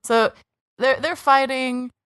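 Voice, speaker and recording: A woman's voice: high-pitched, fairly even intonation, takes it slowly, fairly bright tone, smooth, dry recording, clean studio sound. A woman co-hosting an anime podcast, recapping episodes in a sarcastic, swearing, casual way and acting out characters' lines. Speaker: podcast co-host.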